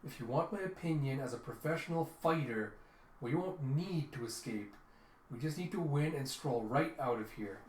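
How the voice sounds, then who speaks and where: A man's voice: mid-range voice, animated, moderate pace, a little hiss or hum, lightly acted. A man voicing a confident female fighter. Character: bold, stubborn female fighter. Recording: roomy echo.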